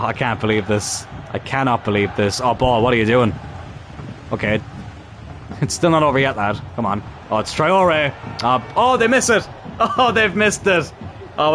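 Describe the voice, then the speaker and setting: A man commentating his own football management game, cheering and shouting when goals go in. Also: medium pitch, a little hiss or hum. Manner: excitable, shouts at goals, laughs. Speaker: gaming YouTuber.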